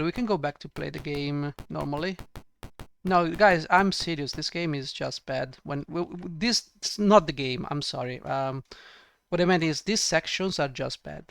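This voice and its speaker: A man's voice: on the high side, moderate pace, vocal fry, a bit bright, clean tone. A man giving ranting gameplay commentary, exasperated and sarcastic, swearing often. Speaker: let's play gamer.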